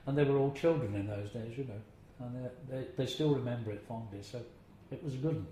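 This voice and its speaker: He speaks a little fast and with few pauses, his medium-pitched voice dark in tone. An older man in an interview, he tells chatty stories from his acting past, laughing softly and occasionally mimicking voices, all captured in a very echoey room with faint hiss.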